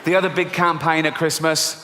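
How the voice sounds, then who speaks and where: A man's voice: fairly quick, a faint crowd, slight background noise. A middle-aged English man performing a stand-up comedy set, telling stories bluntly and swearing often. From England. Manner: animated storytelling with squeaky high voices for children. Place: large theatre stage before an audience. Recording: live theatre recording with long hall reverb.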